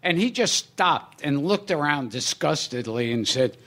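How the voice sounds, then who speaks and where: A man's voice: fairly high pitch, lively intonation, measured pace, sharp tone. A man hosting a podcast, trading show-business anecdotes in casual comedy chat and building each story up to its punchline. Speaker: podcast host.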